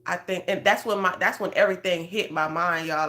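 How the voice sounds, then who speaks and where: A woman's voice: fairly low pitch, steady tone, measured pace, long pauses, sharp tone. A woman, a faith coach, telling an emotional personal testimony in an earnest, conversational way and talking straight to her listeners. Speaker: prophetic guidance coach.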